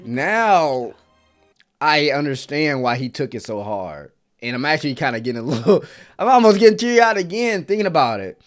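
A man's voice: a little high, sing-song, moderate pace, faint music behind. A man hosting an anime reaction video, talking in casual, slangy commentary, exclaiming and laughing often.

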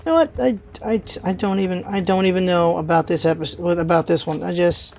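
A man's voice: high voice, a little fast, a little mellow. A man hosting a let's play, giving casual game commentary as he rants and swears in frustration.

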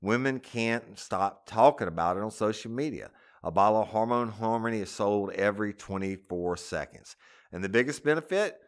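Smooth low-voiced male ad reader. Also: expressive, normal speed. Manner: smooth, persuasive. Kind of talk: scripted ad read.

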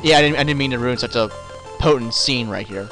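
A man's voice: medium pitch, fairly quick, music in the background. A man commenting on his gameplay, joking and sarcastic, talking back to the characters on screen. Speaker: let's play host.

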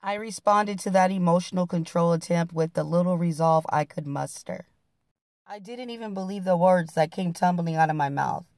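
A woman's voice: lowish voice, moderate pace, darkish tone, dry recording, studio quality. A woman reading a memoir aloud in a plain-spoken, blunt way.

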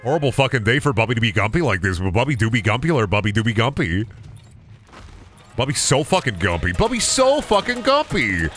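A goofy man chatting on a game stream, with a bright, sharp tone. His pitch bounces all over as he riffs on silly phrases for his viewers. Faint music plays behind him. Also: lively intonation, quick pace. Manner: goofy, repeats silly made-up phrases in a sing-song way; talks to chat and viewers, thanks subscribers. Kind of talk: casual gaming stream chatter.

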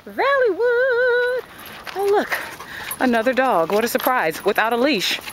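A woman hosting a casual outdoor workout vlog, joking loudly with her friends on a hiking trail. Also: on the high side, moderate pace, noisy background. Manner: loud, joking, animated banter. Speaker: vlog host. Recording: music playing over the talk.

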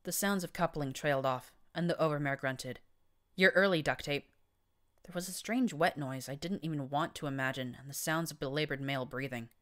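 Low-voiced woman narrating an audiobook. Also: brisk, hardly any pauses. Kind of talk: first-person audiobook narration.

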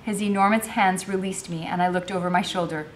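A woman's voice: lowish voice, steady tone, a little fast, slight background noise. A woman teacher reading a novel aloud, narrating expressively.

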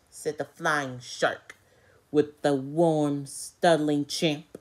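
A woman's voice: sits low, takes it slowly, husky. Hesitant woman telling a toy story. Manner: hesitant, with fillers and slips. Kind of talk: improvised children's story narration.

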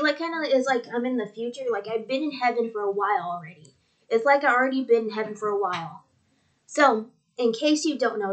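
Young woman, vlogger, casual dream retelling, repeats herself, filler words, fairly high pitch. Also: low-quality recording.

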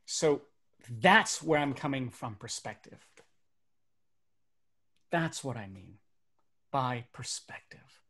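A man, a magician and speaker in his thirties, telling comic personal stories to a virtual audience on a webcam setup, animated, and dropping to quiet for serious beats. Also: mid-range voice, slow pace, long pauses, breathy edge. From Burbank, United States. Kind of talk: stand-up storytelling for a virtual audience.

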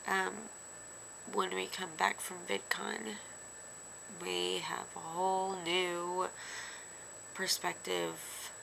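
A woman talks slowly into her camera for her daily video diary, her voice bright yet gravelly and close to tears. She rambles with lots of fillers, and a faint hiss sits under the recording. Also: fairly low pitch, little pitch movement, rough recording. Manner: tearful, rambling with many fillers. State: teary. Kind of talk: emotional personal vlog.

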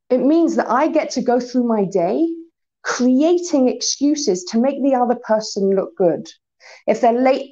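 A woman teaching a lesson on Torah values to an unseen audience, lively, spelling out letters and acting out little quoted exchanges. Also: a little high, dull audio. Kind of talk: recorded talk to an unseen audience.

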